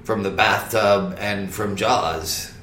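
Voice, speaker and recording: A man's voice: on the low side, takes it slowly, slight background noise. Kansas guy cohosting a comedy podcast, rambly, keeps restarting, echoey room. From Kansas, USA. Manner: rambling, stammered restarts, deadpan jokes. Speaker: podcast co-host. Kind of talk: casual comedic chat.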